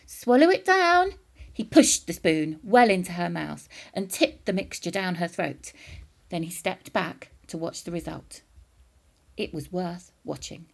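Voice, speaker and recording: A woman reading a children's book aloud, with expressive, lively storytelling. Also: fairly low pitch, unhurried, vocal fry, slightly rough.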